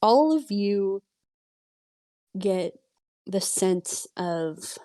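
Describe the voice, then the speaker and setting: Slow, mellow-voiced woman game master. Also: medium pitch, animated, dry recording. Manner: slow, hesitant narration full of filler uhs. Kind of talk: narrating a tabletop game.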